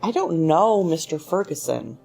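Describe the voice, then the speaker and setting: A woman voices a withdrawn wife who speaks low and quiet, holding back emotion. Faint music plays beneath. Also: big pitch swings, a little slow, vocal fry, exaggerated voice. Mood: guarded.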